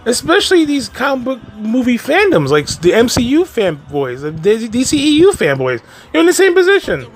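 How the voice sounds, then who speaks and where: A man ranting casually about moviegoers and fanboys, exasperated and profane, with frequent laughs and restarts. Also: high-pitched. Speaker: movie commentary vlogger.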